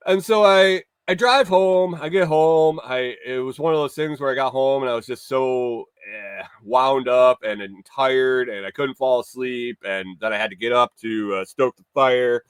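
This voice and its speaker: A man's voice: mid-range voice, fairly even intonation, normal speed, few pauses, smooth, dry recording. Guy rambling through a story on his morning show, swears a bit, dry close sound. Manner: rambling, swears, restarts and acts out quotes. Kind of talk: casual storytelling chat.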